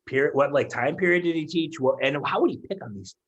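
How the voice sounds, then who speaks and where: A male podcast co-host with a very lively, up-and-down voice. He asks his guest questions and tosses in playful jokes, in a loose comedy chat. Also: fairly high pitch, quick pace, dull audio. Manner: joking, playful interviewer.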